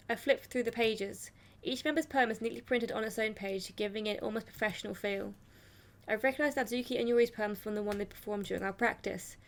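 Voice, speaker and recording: High-voiced young woman reading a game aloud. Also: steady tone, brisk, creaky. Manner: reads the story dramatically in first person, with swearing reactions. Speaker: gaming YouTuber. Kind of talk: let's play, reading game text aloud.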